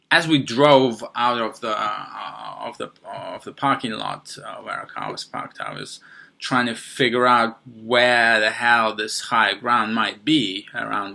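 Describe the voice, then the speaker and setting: A man hosting a podcast, telling a first-person story in a halting way, with many fillers and restarts. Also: lowish voice, gravelly, pushed and bright. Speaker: podcast host.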